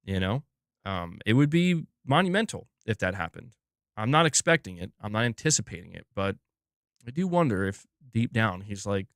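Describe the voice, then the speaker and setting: Young male streamer, loose rambling chat with the audience; lower register, recorded dry and close. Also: sing-song, moderate pace, fairly bright tone, no echo. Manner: rambling, restarts often, calls chat "dude" and "bro". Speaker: livestream host. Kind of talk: casual livestream chat.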